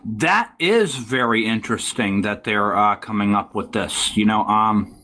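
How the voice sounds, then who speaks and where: A man's voice: lowish voice, sharp tone, a little hiss or hum. Rambling man hosting a tech chat. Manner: rambling, halting, many fillers. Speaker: podcast host.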